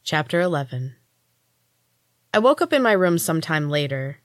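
A woman's voice: low voice, big pitch swings, normal speed, no echo, clean studio sound. Woman reading a story aloud. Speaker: storyteller, podcast host. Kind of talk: scripted first-person audiobook narration.

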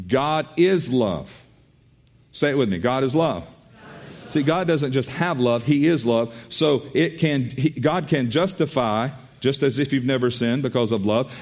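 A man's voice: mid-range voice, a little mellow. A man preaching a sermon as pastor, earnest, often repeating and restarting his words.

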